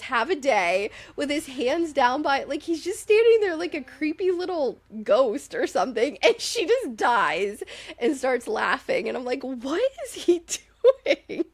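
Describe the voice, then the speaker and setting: A woman co-hosting a podcast, recapping a reality show in casual chat, exasperated and profane, with quick asides. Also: high voice, no echo. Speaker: podcast co-host.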